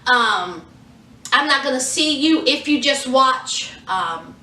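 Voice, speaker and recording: A sassy woman retelling a reality show episode in a casual vlog, her high voice swooping all over. She speaks slowly and brightly. The sound comes from a little way off in an echoey room. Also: far from the mic. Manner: animated, sassy storytelling. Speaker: TV show reviewer.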